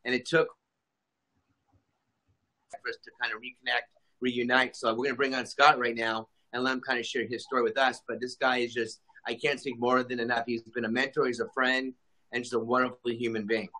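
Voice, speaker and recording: A man's voice: mid-range voice, flat delivery, brisk, sharp tone, low-quality recording. A man in his forties from Southern California, hosting a casual interview in an eager, rambling way that stumbles over its words. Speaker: host.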